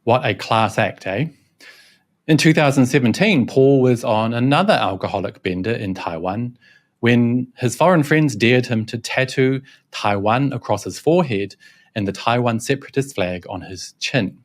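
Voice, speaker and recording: A man's voice: medium pitch, animated, moderate pace. Male commentary narrator, mid-range voice, mocking sarcastic delivery. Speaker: online commentator.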